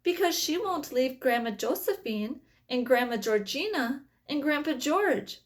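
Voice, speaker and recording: A woman reading aloud, voicing an eager, earnest young boy in a storybook with a raised, excited voice. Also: sits high, a little slow. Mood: sad.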